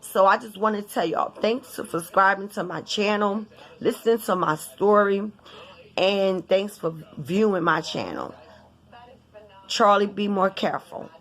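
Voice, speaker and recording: A woman vlogger talking casually and bluntly to her viewers, cursing often in an animated, informal way. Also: medium pitch, measured pace. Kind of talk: casual vlog rant.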